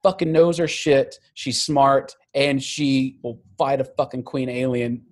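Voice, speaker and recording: A man co-hosting a casual film review chat, animated and quick to laugh, with frequent swearing. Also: mid-range voice. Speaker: podcast co-host.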